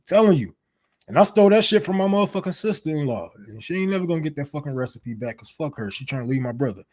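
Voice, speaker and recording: A man's voice: fairly high pitch, expressive, fast talker, darkish tone. Loose, profane man chatting on a livestream. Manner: loose, profane, laughing often. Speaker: livestream host. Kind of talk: casual livestream chat.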